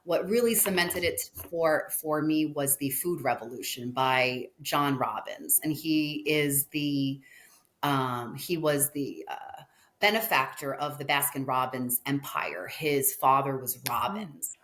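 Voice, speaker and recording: A woman in her forties, a restaurateur guest, telling a story in a chatty, animated way in a casual interview. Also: rumbling low, slow. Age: 40s.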